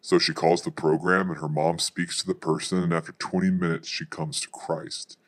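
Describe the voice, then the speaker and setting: Male pastor, low register, brisk storytelling testimony. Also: little pitch movement. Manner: fast narrative storytelling.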